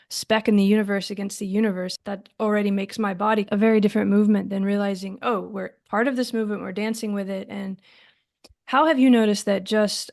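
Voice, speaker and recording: A woman's voice: medium pitch, creaky, darkish tone, no echo, clean studio sound. A woman philosopher hosting an interview, thoughtful and musing, often restarting her sentences. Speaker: philosopher and podcast host.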